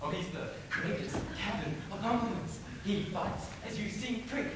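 A man's voice: high voice, animated, normal speed. A young man playing a mocking swordsman on stage. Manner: theatrical, mocking, bursts into shouts. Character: mocking, quick-witted young male swordsman. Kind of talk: amateur stage acting of classic verse. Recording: echoey hall, far, noisy old tape.

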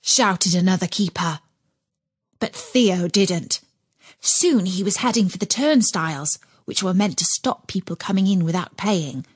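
A woman narrating a children's audiobook in an expressive storytelling way. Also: fairly low pitch, a little slow, husky, dry recording.

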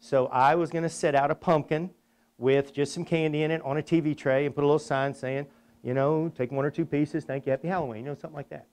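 A man's voice: a little high, fairly even intonation, fast talker, a little mellow. A man hosting a technical webinar, chatting casually, telling stories and leading a prayer. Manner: folksy, chatty, tells anecdotes. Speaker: webinar host. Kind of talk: casual presentation with storytelling and prayer.

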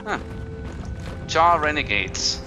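A man playing a co-op game with friends, talking in a deliberate, slightly pompous way. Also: on the high side, lively intonation, bright, forceful tone, soft background music. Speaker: co-op game player. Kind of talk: casual let's-play chat.

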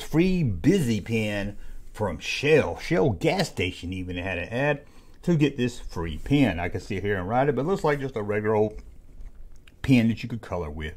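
Lively joking male video host. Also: lowish voice. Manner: jokey, sarcastic asides. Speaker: YouTube host reviewing old comic ads. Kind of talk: casual commentary.

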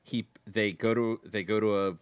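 A man's voice: on the low side, fairly even intonation, normal speed, clean tone, dry recording. A man co-hosting a casual book discussion podcast, blunt and sarcastic in a laid-back way. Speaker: podcast co-host.

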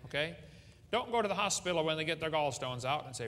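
A man's voice: a little high, brisk, a bit bright, slight background noise. A middle-aged man preaching with folksy humor at a seminar, joking and asking the audience questions. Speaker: creationist speaker. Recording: hall reverb with faint ambience.

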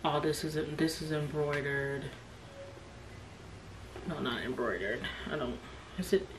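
A woman's voice: sits low, unhurried, background noise. A woman gushing over a new bag during an unboxing vlog, often dropping into a whisper, recorded in a room at home. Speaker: unboxing vlogger. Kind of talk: excited unboxing chat. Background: kids playing outside.

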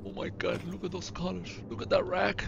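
A man's voice: high-pitched, level tone, brisk, creaky, highs cut off. A man hosting gameplay commentary, gushing and over the top, repeating himself as he talks. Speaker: gaming channel host.

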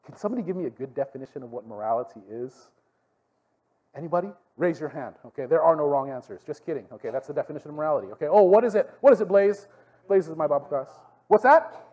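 A fast-talking youth pastor with a fairly high voice and a Hawaiian Pidgin-tinged accent spins animated stories for a youth group, frequently asking "okay?", on a recording with the highs cut off.

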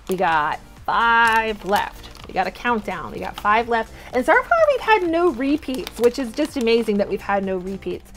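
Bubbly young woman hosting a toy unboxing vlog: high, very animated voice, gushes and squeals, soft music underneath. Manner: gushing, repeats exclamations, squeals with delight. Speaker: toy unboxing channel host.

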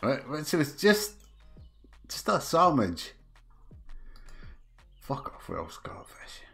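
A man's voice: medium pitch, wildly swooping pitch, slow, vocal fry, a bit bright. A middle-aged Scottish man chatting with his live viewers as he streams a game, telling a story with laughter, swearing and restarts. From Scotland. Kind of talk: casual chat with live viewers. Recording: faint music behind.

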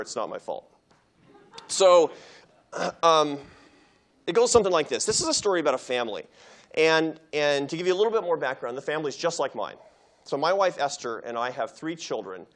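A man gives a public lecture at a university, delivering an anecdote in an animated storyteller's manner. His medium-pitched voice swings widely in intonation as he builds toward the point. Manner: animated storyteller, acts out quoted dialogue. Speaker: guest lecturer.

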